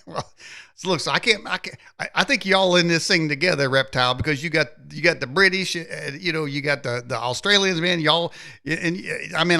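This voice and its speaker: A male talk show host who jokes around and speaks haltingly, restarting his sentences. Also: fairly high pitch, vocal fry, pushed and bright. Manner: halting, joking, many restarts. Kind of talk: casual interview talk.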